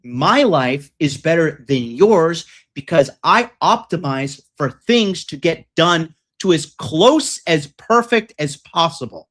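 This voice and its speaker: A man's voice: a little high, animated, slow pace, hardly any pauses, a bit bright. A man coaching on dating and success in a ranting monologue, profane, boastful and combative.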